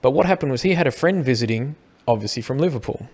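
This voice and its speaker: Middle-aged Australian co-host, mid-pitched, rambling and argumentative, stumbles over repeated words. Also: male voice, expressive, fast talker, darkish tone. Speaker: podcast co-host. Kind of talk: casual chat.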